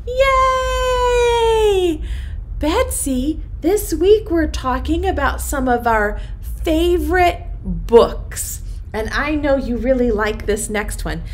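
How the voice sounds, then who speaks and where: Slow sing-song preschool teacher, a woman. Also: on the high side. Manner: slow, sing-song storytelling to small children. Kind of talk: online circle time lesson for preschoolers.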